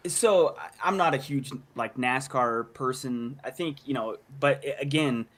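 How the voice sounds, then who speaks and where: A man's voice: medium pitch, a little slow, a bit bright. A male guest chatting casually on a stream, in a laid-back, rambling way. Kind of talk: casual commentary chat.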